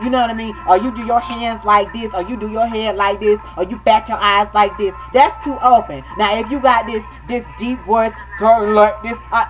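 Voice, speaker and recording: A woman's voice: on the high side, rough recording. A woman video blogger delivering an impassioned rant, emphatic and direct, who keeps asking "you know what I mean" and calls her viewers baby.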